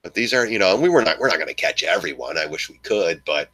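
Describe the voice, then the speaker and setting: A man giving excitable live stock market commentary to his viewers, joking and swearing as he goes. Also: sits low, fast talker. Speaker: stock trading streamer.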